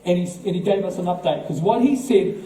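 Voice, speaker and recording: New zealand guy giving a fired-up speech to a crowd, high-ish voice but very dark and mellow, echoey hall, sounds far off the mic. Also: fast. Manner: emphatic, rhetorical questions, repeats words. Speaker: political party speaker. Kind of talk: speech to a live audience.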